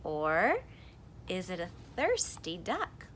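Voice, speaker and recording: A woman reading a picture book aloud to children, animated and full of coaxing questions to her listeners. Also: fairly low pitch, measured pace, slight background noise. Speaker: storybook reader.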